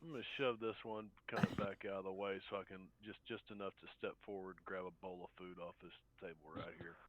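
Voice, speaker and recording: A man's voice: sits low, fairly even intonation, fast. A man playing in an online tabletop game, eagerly describing his character's actions. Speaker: player. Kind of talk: casual tabletop game chat. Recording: tinny dry phone-like line.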